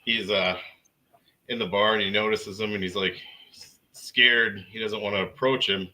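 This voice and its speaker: A man's voice: fairly low pitch, steady tone, normal speed, pushed and bright, rough recording. A man co-hosting a live stream, chiming in with laid-back stories. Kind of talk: casual live-stream chat.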